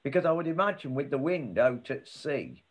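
A man's voice: medium pitch, big pitch swings, moderate pace. A man in the audience asking a curious question about sailing. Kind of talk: casual questions.

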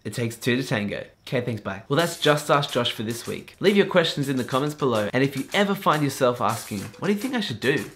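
A man's voice: mid-range voice, lively intonation, fast talker, few pauses, a bit bright, a little hiss or hum. A man hosting a comedic advice vlog, answering viewer questions in a sarcastic, jokey way.

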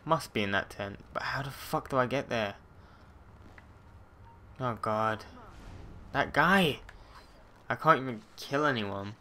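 Young male gamer, frustrated let's-play muttering, bright tone, light noise. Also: mid-range voice, unhurried, long pauses. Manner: swearing, frustrated muttering at the game. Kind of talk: casual gameplay commentary.

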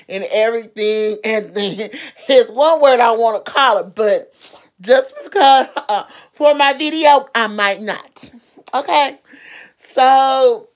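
A woman vlogger giving a casual, rambling movie recap with lots of fillers. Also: a little high. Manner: rambling, animated retelling with many fillers.

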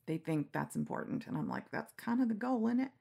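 A middle-aged woman telling candid stories in a relaxed interview, frank and quick to laugh, acting out the lines she quotes. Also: mid-range voice, creaky, husky. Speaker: storyteller guest. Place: lying down in a quiet room.

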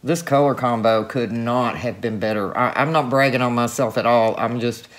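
A woman's voice: very deep voice, normal speed. A woman craft artist talking casually to her camera while she works, gushing and exclaiming with delight. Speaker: craft artist showing her paint pour. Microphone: camera mic, camera moved by hand at times.

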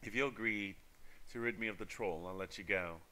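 A man's voice: on the low side, brisk, pushed and bright. A man voicing a hideous, greedy old crone witch who cackles and croons. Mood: scheming.

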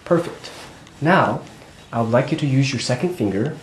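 Mężczyzna spokojnie prowadzi lekcję krok po kroku; głos z oddali, pogłos pomieszczenia i wyraźny szum w tle. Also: male voice, medium pitch, normal speed. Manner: calm, gently directive. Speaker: music instructor. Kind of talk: step-by-step instruction. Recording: roomy echo, distant mic, background hiss.

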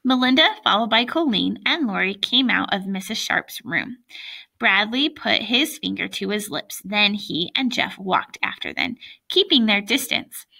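A woman reading a children's book aloud, with lively, chatty asides to young listeners. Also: mid-range voice, a little slow, creaky. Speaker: reader.

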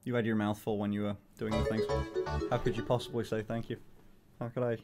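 A young man, chatting casually on a stream, excitable and swearing, with lots of "like". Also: lowish voice, brisk, over loud music.

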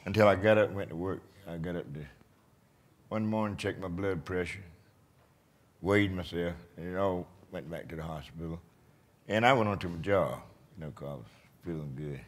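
Old guy, 70, low voice, folksy storyteller, acts out who said what on stage. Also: moderate pace, pauses often. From Eastern North Carolina. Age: 70s. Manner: plainspoken, acts out dialogue. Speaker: patient telling his story. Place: conference stage.

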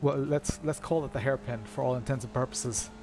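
A man's voice: mid-range voice, a little fast, over music. An Irish man chatting casually to viewers by name while live-streaming a racing game from a room at home. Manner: chatty, greets viewers by name, many fillers.

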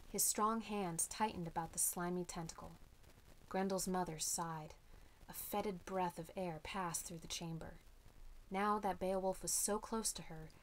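A woman narrating a storybook in a steady, measured reading voice. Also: on the low side, a little hiss or hum, poor audio. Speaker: audiobook reader.

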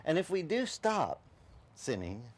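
A male pastor telling a personal story in a sermon, acting out the voices in it. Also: unhurried. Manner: animated storyteller, acting out voices with big pitch swings. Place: beach service outdoors.

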